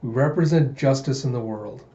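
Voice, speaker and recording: A stern male commander barking orders, read out by a man in his own voice. Mellow tone, heard through a muffled, roomy home recording. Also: medium pitch, moderate pace, close to an everyday voice. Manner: plain reading voice, flat delivery.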